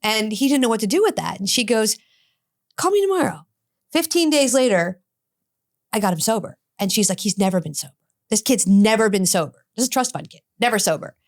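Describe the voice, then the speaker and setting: A woman's voice: mid-range voice, lively intonation, a little fast. A middle-aged woman, an addiction specialist, telling a story in an interview, acting out both sides of the dialogue with blunt, cursing energy.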